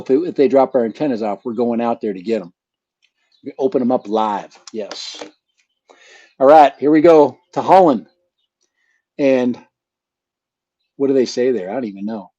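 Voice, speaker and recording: Rambling, joking man, lively pitch. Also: breathy edge, dry recording. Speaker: channel host. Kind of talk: casual live chat. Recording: dull lo-fi sound.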